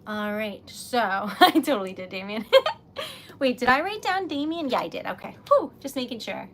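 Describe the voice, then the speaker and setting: A young woman poet chatting casually with livestream viewers, soft-spoken and giggly as she types. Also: on the high side, big pitch swings, normal speed. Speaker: poet livestreaming while typing. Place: indoors at a desk with a typewriter.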